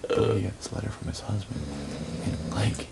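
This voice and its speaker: Gravelly low guy rambling and cussing in a bedroom at night, loud hiss on the feed. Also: moderate pace. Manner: rambling, profane, restarts. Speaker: reality show houseguest. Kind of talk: late-night casual storytelling. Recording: hissy live-feed audio.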